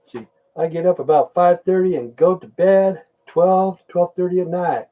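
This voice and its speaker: A man's voice: sits high, steady tone, moderate pace, warm tone, distant mic. An older man hosting a casual livestream, rambling in blunt, profane rants. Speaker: livestream host.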